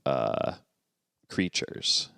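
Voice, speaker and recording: A man from New York co-hosting a podcast in casual chat, telling absurd jokes deadpan. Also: drawn-out words, no echo, clean studio sound. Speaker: podcast co-host.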